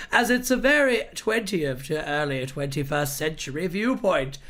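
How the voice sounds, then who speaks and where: A livestreamer putting on the voice of a pompous upper-class gentleman for a comedic mock-serious reading, with a haughty, drawn-out delivery. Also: mid-range voice, gravelly, full character voice.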